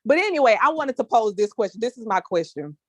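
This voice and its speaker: A woman's voice: fairly high pitch, sing-song, fast talker, no echo. A woman leading a small group discussion, telling a casual story in a chatty way and addressing listeners as y'all. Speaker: discussion leader.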